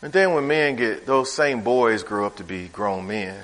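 A man preaching a sermon in a conversational style, swinging from loud, high bursts to low, quiet asides. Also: lively intonation, moderate pace. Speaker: pastor. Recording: reverberant hall.

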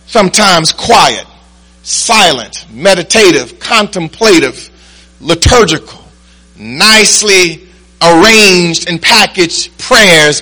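A preacher man with a high, bright, ringing voice. He works the congregation with call-and-response, sometimes low and close, often building into shouted lines. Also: animated, slow, rough recording. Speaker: pastor. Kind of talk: sermon.

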